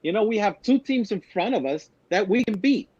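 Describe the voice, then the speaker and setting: Male New sports podcaster, fairly high voice, repeats points, dull dry sound. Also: a little fast, breathy edge, dry recording. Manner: animated, repeats himself, teasing. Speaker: podcast co-host. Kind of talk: casual sports talk.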